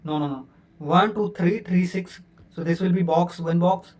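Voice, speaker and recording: A man's voice: high voice, moderate pace, far from the mic. A man teaching a coding lesson, counting numbers aloud step by step and correcting himself as he goes. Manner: self-correcting with frequent fillers. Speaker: programming teacher. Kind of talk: screen-recorded coding lesson.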